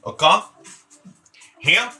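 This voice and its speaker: A man's voice: extremely slow, bright, forceful tone, soft background music. A man chatting casually on a live stream from his home kitchen, joking and rambling with frequent laughs.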